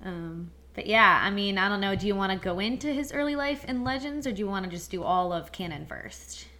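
A woman co-hosting a casual podcast discussion, speaking in a measured way, steering the talk with questions and pausing often on "um". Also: medium pitch, animated, pushed and bright. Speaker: podcast co-host.

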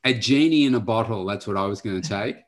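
A male podcast host in a casual chat, asking quick-fire questions. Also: on the low side.

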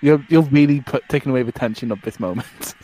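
A man co-hosting a casual wrestling watchalong podcast, excitable and quick with sweary asides. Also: medium pitch, rough recording. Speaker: podcast co-host.

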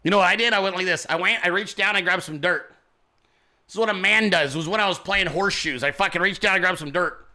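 A man's voice: sits high, quick pace, sharp tone. A man hosting a political commentary show, talking in a brash, swaggering, profane monologue. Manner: brash, swaggering, heavy swearing.

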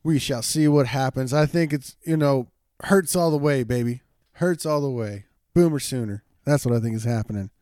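A man's voice: mid-range voice, normal speed, mellow, no echo, studio quality. A young man co-hosting a casual sports podcast, jokey and hyped, repeating phrases for effect. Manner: jokey, hype-driven, repeats himself. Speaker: podcast co-host.

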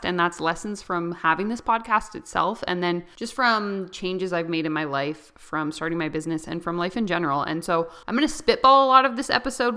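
Solo podcast host: young woman, lowish and bright, chatty, rambling. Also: clear, resonant tone. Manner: chatty and rambling, often laughing. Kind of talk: unscripted solo podcast talk.

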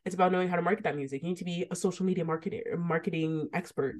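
A woman in her twenties co-hosting a podcast, talking candidly in a casual, animated way. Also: lowish voice, very fast. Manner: candid, animated, ranting with laughs. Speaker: podcast co-host.

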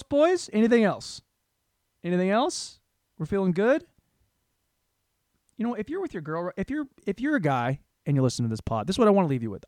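A man in his thirties rambles through a crude, self-mocking comedy monologue, and his pitch swings all over the place. His voice sits a little high for a man. The sound is dry and close, with no room echo. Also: darkish tone. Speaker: podcast host. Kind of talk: solo comedic podcast monologue.

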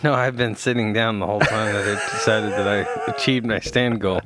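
A man's voice: lowish voice, fairly even intonation, fairly quick, heavy background noise. A man co-hosting a podcast in casual chat, throwing in dry, teasing jokes. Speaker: podcast co-host.

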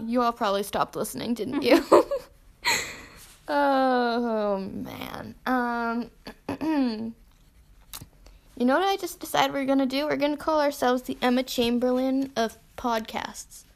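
Young female podcast co-host, high-pitched, giggly and rambling. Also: takes it slowly, gravelly. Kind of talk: casual chat.

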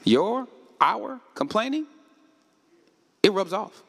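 A man preaching a sermon, asking the congregation questions and rising to shouts. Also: high-pitched, big pitch swings, slow pace, creaky. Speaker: pastor. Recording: echoey hall with long reverb.

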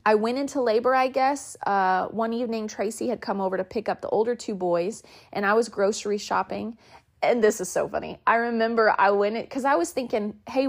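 Woman in her 30s chatting on her podcast, lively storyteller, voices the people she quotes. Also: mid-range voice. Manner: animated, acts out quotes in her telling. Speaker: podcast host. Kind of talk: casual storytelling.

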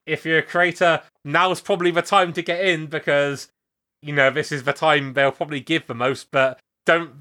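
A man with a bright, slightly high voice, chatting on a casual podcast. He rambles from joke to joke with playful asides. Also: steady tone, normal speed. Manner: rambling and jokey, with bits of silly put-on voices. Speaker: podcast co-host.

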